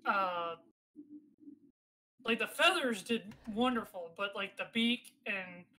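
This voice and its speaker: A woman runs a tabletop game with a bright, clear voice. She narrates casually, with lots of fillers and small hesitations. Her tone stays conversational, not performed. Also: mid-range voice, slow, low-quality recording. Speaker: game master.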